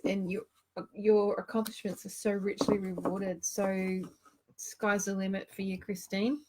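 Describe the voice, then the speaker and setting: A woman's voice: medium pitch, a little mellow, slight background noise. A woman casually chatting and reading cards aloud on a live stream, giggling often. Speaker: card reader hosting a live show.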